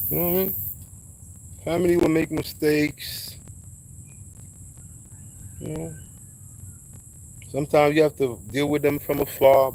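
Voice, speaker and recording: A man, talking in a casual monologue, preachy and emphatic, dropping into low asides. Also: low-quality recording. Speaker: vlogger giving advice.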